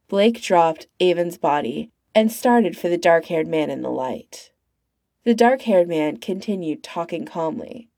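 A woman reading a fan-fiction story aloud in an expressive storytelling voice. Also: lowish voice, measured pace, vocal fry, dry recording, studio quality. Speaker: reader.

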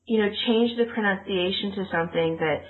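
On a casual podcast chat, a female co-host rambles fairly quickly in a medium-pitched voice, laughing often as she corrects herself. The audio sounds tinny, almost like a phone.

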